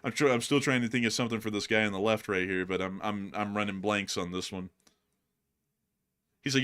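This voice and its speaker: This man's fairly low pitch is clear and resonant, and he moves briskly as co-host of an informal news commentary stream. Watching war videos, he jokes around animatedly, laughing and putting on silly voices.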